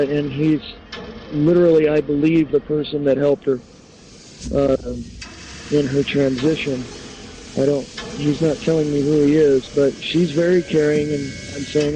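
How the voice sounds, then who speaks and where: A man's voice: on the high side, mellow, slight background noise, poor audio. A man acting as a psychic medium on a call-in radio show, hesitant, with many fillers and restarts.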